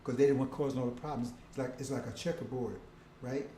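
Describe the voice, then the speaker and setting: A man's voice: medium pitch, steady tone, fast, dark tone, a little hiss or hum. A man preacher giving a rambling sermon who keeps asking his listeners "see?" and "right?" and calls them brothers and sisters. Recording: roomy echo.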